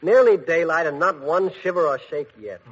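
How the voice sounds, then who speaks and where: A man's voice: on the high side, moderate pace, breathy edge. Breezy fearless boy hero. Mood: joking. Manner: breezy, joking, unflappable. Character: fearless cheeky young hero Bud, a boy. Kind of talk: 1940s radio acting. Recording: dull old radio broadcast with hiss.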